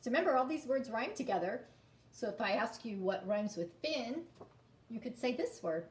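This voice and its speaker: A woman's voice: on the high side, lively intonation, normal speed, reverberant. A woman teacher reading to young children and sounding out letters in a sing-song phonics lesson.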